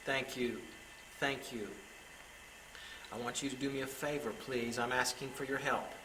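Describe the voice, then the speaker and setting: A man working as a paranormal investigator, coaxing unseen spirits with gentle, pleading, repetitive talk inside a derelict island building. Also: mid-range voice, flat delivery, normal speed, noisy background. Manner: gentle, pleading, repeats himself.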